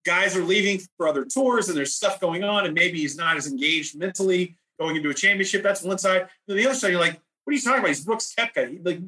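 A man breaks down numbers in a relaxed podcast chat. His voice sits a little high and comes across bright and forward. He explains at a measured, methodical clip. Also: rough recording. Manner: data-heavy, measured explanations. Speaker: golf stats analyst on podcast.

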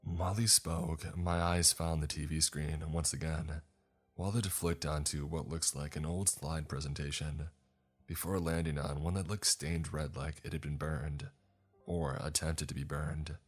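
A man narrating a horror story in a measured, somber first-person voice. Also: rumbling low, steady tone, breathy edge, soft background music.

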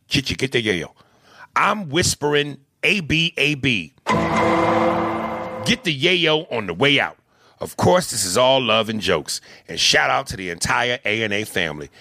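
A man's voice: mid-range voice, bright, forceful tone, dry recording, clean studio sound. A man co-hosting a casual comedy podcast, reading listener emails, swearing freely and slipping into silly voices. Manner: swears freely, slips into silly put-on voices and sung bits.

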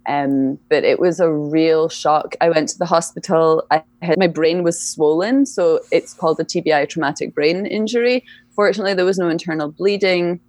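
A woman's voice: deep voice, normal speed, a little mellow, no room sound. A young woman talking casually as an interview guest, chatty and laughing often, with many fillers. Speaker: guest, EFT practitioner.

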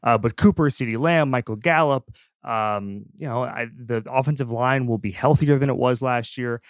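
A man in the host's chair of a sports podcast, mid-range in pitch and talking with emphatic energy. His voice sits close and dry, with no room sound around it. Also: normal speed, no echo. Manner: animated, emphatic, with frequent restarts. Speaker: podcast host. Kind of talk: casual sports talk.

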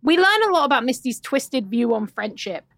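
High-voiced woman recapping TV, dry sound. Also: moderate pace, no room sound. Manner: animated, acts out quotes, swears freely. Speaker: podcast co-host. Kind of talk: casual TV recap chat.

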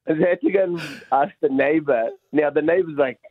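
A man, a comedian guest on a radio interview, telling an animated, self-mocking story and acting out the people in it. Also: fairly high pitch, fairly quick, no echo. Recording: slightly dull radio sound.

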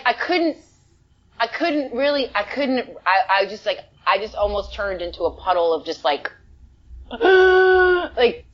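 A woman from the Bronx, an actress telling a story in a casual interview, emotional and animated, full of "like" fillers. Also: mid-range voice. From the Bronx, New York. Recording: dull lo-fi sound.

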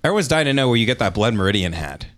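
A man's voice: medium pitch, sing-song, racing, a bit bright. A man co-hosting a podcast, teasing and rambling in casual banter. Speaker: podcast co-host.

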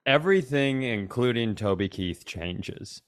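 A man's voice: mid-range voice, animated, a little slow. A man co-hosting a casual comedy podcast, joking around and sometimes breaking into an exaggerated twangy sing-along. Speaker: podcast co-host.

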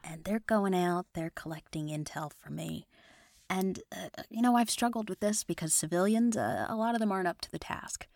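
A woman's voice: on the low side, moderate pace, gravelly, a little mellow, dry recording, clean studio sound. A woman playing a suspicious former FBI agent who now leads a mothers' group, talking in a conspiratorial way that often drops to a whisper. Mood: confiding. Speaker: improv guest. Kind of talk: improvised comedy character.

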